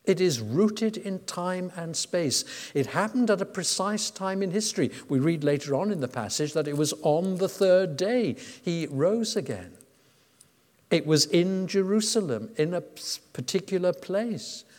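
A man's voice: high-pitched, animated, unhurried, darkish tone. A man preaching a sermon in a conversational manner, with frequent fillers and restarts. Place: church. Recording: church with long reverb.

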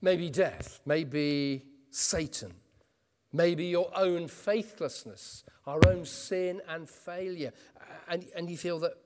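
A man's voice: a little high, slow, a little mellow. A man preaching an earnest expository sermon. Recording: long reverb in a church hall.

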